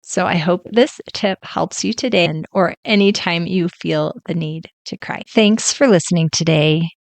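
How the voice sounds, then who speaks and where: A woman's voice: lowish voice, normal speed, creaky. A woman in her forties hosting a solo podcast as a life coach, talking in a chatty, conversational way. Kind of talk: casual solo podcast talk.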